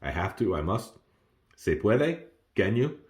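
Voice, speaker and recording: A man casually walking through his beginner study notes, who laughs often and jumps up in pitch on exclamations. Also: very animated, unhurried. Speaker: language learner sharing study notes. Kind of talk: casual self-recorded lesson.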